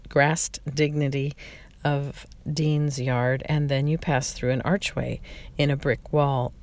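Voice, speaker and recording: Slow, gravelly memoir reader. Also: medium pitch, level tone, dry recording. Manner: slow, reflective reading with frequent slips and restarts. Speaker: narrator. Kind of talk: reading a memoir aloud.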